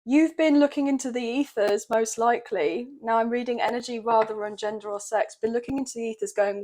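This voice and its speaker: Chatty, emotional woman with a high voice. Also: steady tone, brisk, few pauses. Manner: gentle, chatty, emotional, often saying "okay, guys". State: a bit croaky. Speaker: tarot reader. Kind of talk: tarot reading video.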